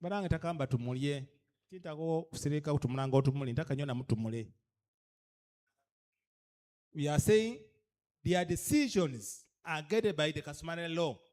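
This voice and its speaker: A Ugandan-accented man delivers a training lecture in a voice pitched a little high. He is emphatic and keeps pressing his listeners with one rhetorical question after another. He moves easily between English and a local language. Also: expressive, fairly quick, long pauses, darkish tone. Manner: emphatic, fires repeated rhetorical questions at the audience. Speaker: speaker at a cultural leaders' orientation.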